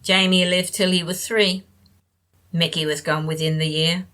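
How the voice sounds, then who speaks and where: A woman's voice: fairly low pitch, flat delivery, a bit bright, natural voice. A woman voicing a nasal, brooding old woman. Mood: wistful. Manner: halting, drifting, talks to herself. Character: frail older woman, tiny, brooding, evasive. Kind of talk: audiobook character reading.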